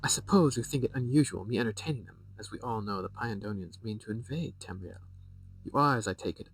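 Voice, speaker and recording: A man's voice: fairly low pitch, fast talker, far from the mic. A man voicing a scheming, haughty queen mother who speaks breezily and cuttingly. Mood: imperious.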